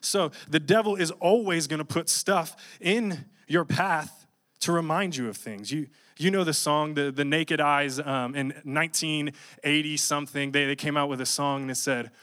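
A young man preaching, telling a funny personal story in an animated, jokey way. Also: fairly high pitch, normal speed. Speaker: pastor. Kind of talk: storytelling sermon.

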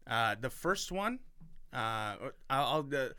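A man's voice: medium pitch, animated, takes it slowly, pushed and bright, clean tone, no room sound. A man hosting a podcast in casual chat, rambling, self-mocking and enthusiastic. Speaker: podcast host.

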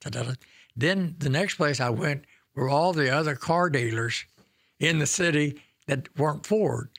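A man's voice: a little high, unhurried, fairly bright tone, no room sound, clean studio sound. A man in his nineties from Oklahoma, a former governor telling folksy, self-deprecating stories as a guest. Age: 90s. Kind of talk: storytelling reminiscence.

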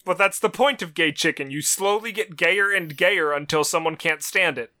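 Man, podcast co-host, playful banter, teasing, bright tone. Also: high voice, moderate pace. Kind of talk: casual banter.

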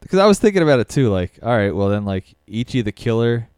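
A man's voice: mid-range voice, very animated, quick pace, darkish tone, clear, resonant tone, no echo, studio quality. A man co-hosting a podcast, chatting loosely with lots of filler words and swearing. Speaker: podcast co-host. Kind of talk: casual chat about movies.

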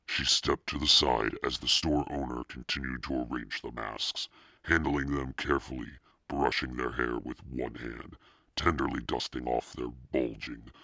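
Very deep gravelly male narrator. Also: sharp tone, dry recording, clean studio sound. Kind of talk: scripted audiobook narration.

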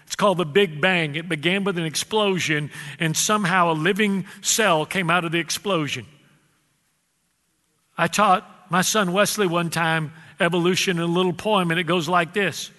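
A man's voice: sits high, steady tone, pushed and bright. A male pastor preaching a sermon, calling out to the congregation and stretching out his key words. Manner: preacherly, calls out to the congregation, drawn-out emphasis. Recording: reverberant hall.

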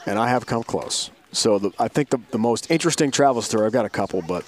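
A man's voice: medium pitch, lively intonation, fast talker. A middle-aged man, a sports broadcaster, telling a long travel story in an interview, acting out quoted voices and laughing often.

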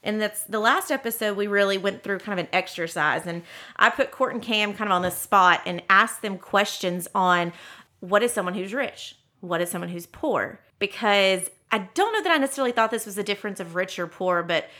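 A woman's voice: mid-range voice, animated, fairly quick, bright, forceful tone. A woman co-hosting a podcast, chatting casually about money beliefs and acting out inner thoughts. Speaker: podcast co-host.

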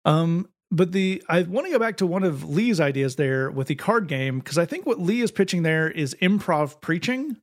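A man co-hosting a podcast in relaxed chat, with a slightly higher voice. He makes wry, joking asides and laughs often. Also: moderate pace, few pauses. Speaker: podcast co-host. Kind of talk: casual chat.

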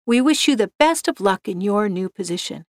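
A woman's voice: medium pitch, lively intonation, moderate pace, no room sound, clean studio sound, close to an everyday voice. A woman reading the part of a sly maintenance worker who sounds syrupy and falsely polite.

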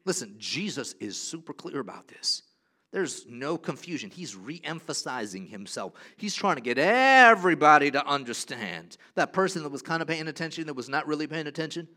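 A man preaching a sermon, emphatic and repetitive, moving between soft, low passages and loud, rising declarations.

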